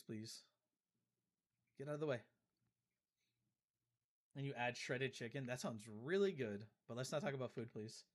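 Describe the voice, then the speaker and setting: A man in an ordinary mid-range voice hosts a live game stream. He reads his chat out loud and replies in loose, friendly talk, often saying the same phrase two or three times over. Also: mid-range voice. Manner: chatty, reads and answers chat aloud, repeats phrases.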